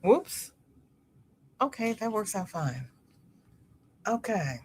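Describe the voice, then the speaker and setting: A middle-aged woman with a lowish voice speaks at a measured pace while hosting a casual crochet livestream. Laughing often, she chats with her audience, reads their comments, and tells lively stories.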